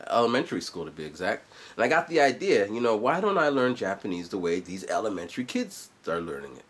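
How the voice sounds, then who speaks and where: A man in his forties talks casually to his viewers in a loose, rambling way, drifting into asides. His voice sits fairly low but swings up and down a lot. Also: fairly bright tone. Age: 40s. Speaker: vlogger and musician. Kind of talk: casual vlog chat.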